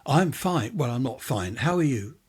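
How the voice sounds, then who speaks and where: A man's voice: medium pitch, animated, normal speed, husky, pitched above the performer's own voice. A man reading a ghost story, voicing a flustered, worried mother who pleads and frets. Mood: anxious.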